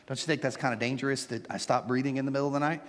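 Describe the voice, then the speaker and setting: Joking pastor preaching in a reverberant church. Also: male voice, mid-range voice, rapid-fire. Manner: joking, animated preaching with playful asides. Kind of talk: sermon. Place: church sanctuary.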